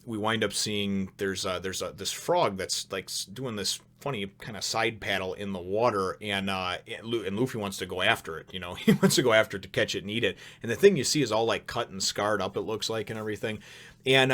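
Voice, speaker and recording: A man hosting a casual spoken review, chatty and rambling, who laughs often and gets excitable. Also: lowish voice. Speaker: manga chapter reviewer, show host.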